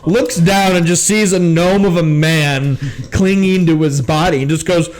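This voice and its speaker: A man's voice: a little high, fairly even intonation, unhurried, noisy background. A man narrating as game master, rambling with many fillers. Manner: rambling, lots of "like".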